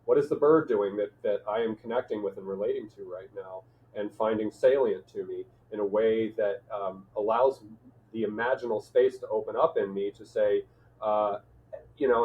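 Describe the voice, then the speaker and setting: A male podcast host talking in a thoughtful, halting way, with many fillers and restarts. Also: lowish voice, steady tone, slight background noise. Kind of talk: reflective conversational chat. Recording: tinny phone-like line.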